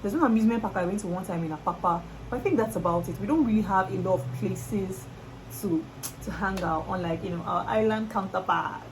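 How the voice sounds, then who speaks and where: A woman's voice: mid-range voice, a little fast, noisy background. Chatty Nigerian woman vlogger. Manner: lively, exclamatory, laughing. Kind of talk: casual chat to camera.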